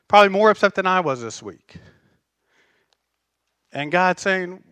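A man preaching a sermon as pastor, conversational and animated, telling stories with self-deprecating humor. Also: high voice, measured pace, smooth, no room sound.

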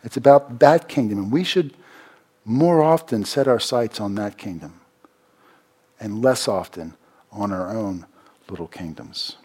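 A man preaching a sermon, repeating phrases for emphasis and swinging from loud, raised lines to quiet, low asides. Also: unhurried, pauses often, slightly rough. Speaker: pastor.

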